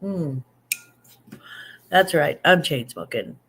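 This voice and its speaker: A woman's voice: low-pitched, lively intonation, slow pace, a bit bright, slight background noise. A woman in her fifties hosting a casual livestream, chatting, joking at her own expense and answering viewer comments as she reads them aloud. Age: 50s. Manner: self-deprecating and joking. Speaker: livestream host. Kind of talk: casual live chat.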